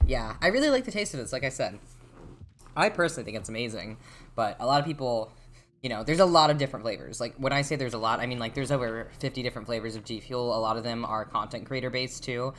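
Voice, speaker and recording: A young adult game streamer chatting casually with viewers and swearing a lot, turning loud and excited when the game gets tense. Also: mid-range voice, fast. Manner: reacts loudly and excitedly to the game. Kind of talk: casual live-stream chat while gaming.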